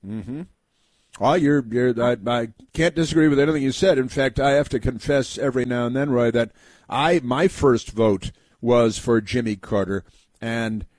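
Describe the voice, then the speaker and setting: A man's voice: medium pitch, normal speed, a little mellow, dry recording. A man hosting a call-in radio talk show, talking to a caller in a rambling, chatty way with many fillers and restarts.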